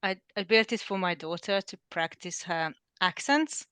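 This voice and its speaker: A woman's voice: on the low side, moderate pace, fairly bright tone, clear, resonant tone, dry recording. A woman chatting on a video call, hesitant and restarting as she explains. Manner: hesitant, restarting with short laughs. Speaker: participant. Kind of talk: casual group chat.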